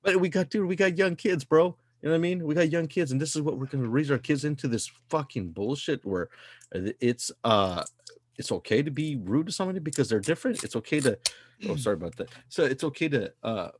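A man's voice: fairly high pitch, expressive, fairly quick, breathy edge, no room sound. A man in his thirties hosting a casual podcast, ranting with heavy profanity and mounting fire. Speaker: podcast host.

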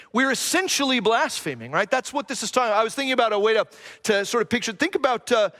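A middle-aged man preaches a sermon with a notably high voice. He builds points through repeated phrases and rhetorical questions, dropping in light self-deprecating asides along the way. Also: fairly bright tone. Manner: earnest, repetitive preaching cadence with rhetorical questions; self-deprecating asides, jokes about his own accent. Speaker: pastor.

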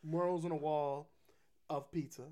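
A man co-hosting a casual chat, rambling and halting with fillers and restarts. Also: on the high side, steady tone, dark tone. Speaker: podcast co-host.

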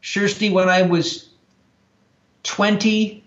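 A man's voice: sits high, flat delivery, slow pace, a bit bright. A man being interviewed, earnestly and reflectively recounting personal experiences, often restarting his sentences. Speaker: interview guest. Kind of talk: personal life story in conversation. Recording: echoey, slightly dull recording.

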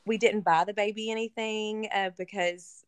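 A woman's voice: mid-range voice, fairly even intonation, moderate pace, smooth, no room sound. A woman guest in a conversation, telling an emotional personal story in a casual way with many fillers. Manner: casual, filler-heavy, earnest. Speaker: interview guest. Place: lives in Kentucky.

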